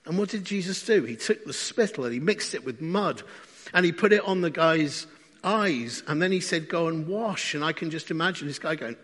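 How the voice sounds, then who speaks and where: Male preacher, sermon, conversational, asks the room questions, slightly high voice, long hall echo. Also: expressive, moderate pace, fairly bright tone.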